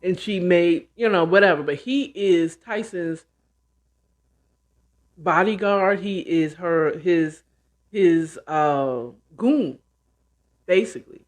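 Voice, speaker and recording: A woman host casually retelling a novel she's reading, with chatty, animated asides. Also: fairly low pitch, slow pace, long pauses. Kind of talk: casual book retelling and commentary.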